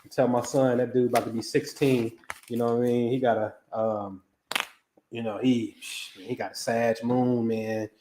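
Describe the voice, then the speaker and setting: A middle-aged man hosts a casual astrology stream in a loose, slangy manner and addresses viewers by name. His voice sits in a middle pitch. The room around him is echoey. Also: flat delivery, moderate pace, noisy background. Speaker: astrology reader host. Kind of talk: casual live-stream reading.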